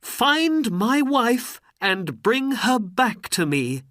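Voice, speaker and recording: A desperate young hero pleads in a voice pitched well above the reader's own, as a woman puts him on. The pace is slow and drawn out, and the sound is dry. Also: big pitch swings, fairly bright tone, no room sound, full character voice. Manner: pleading, raised higher voice.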